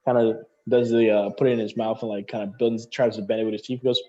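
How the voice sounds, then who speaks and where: A man's voice: fairly low pitch, level tone, fast, mellow, highs cut off. A man narrating as dungeon master in a loose, conversational way. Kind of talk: narrating a tabletop game.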